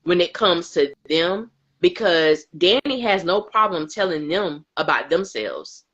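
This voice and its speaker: A woman with a fairly low voice chats in a lively, emphatic way, often laughing as she makes her point. She is co-hosting a casual aftershow. The sound is a bit dull, like a compressed online stream. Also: measured pace. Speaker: co-host.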